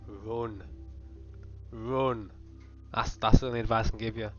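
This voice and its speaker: A man's voice: lowish voice, completely flat delivery, very fast, a bit bright. A young man doing a profane, rambling, mock-serious comedic rant as a voice-over. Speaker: comedy video host. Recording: dull lo-fi voice-over with faint music.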